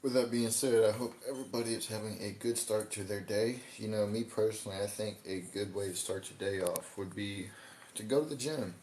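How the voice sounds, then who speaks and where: Chill guy with a lowish voice chatting on his stream, slangy, trips over words, echoey room. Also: a little fast, darkish tone. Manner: laid-back, slangy, stumbles over words. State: hiccups. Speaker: livestream host. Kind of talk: casual livestream chat. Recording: roomy echo, faint background noise.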